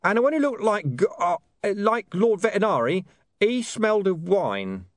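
Male reader doing a rambling street interpreter, pitched way up, dry close sound. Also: very animated, a little slow, no echo. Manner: rambling, hunting for words. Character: gravelly street man interpreting for a dog.

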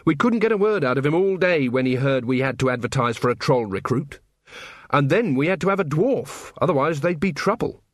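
A man voicing an honest, earnest young male constable who talks calmly and cheerfully. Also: on the high side, brisk, no room sound, studio quality.

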